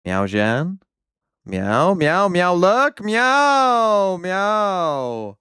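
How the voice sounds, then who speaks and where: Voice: medium pitch, sing-song, drawn-out words, a bit bright, clean tone, no echo, studio quality, heavily acted. A streamer putting on a cat, meowing between short callouts of the game. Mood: playful. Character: cat calling out plays.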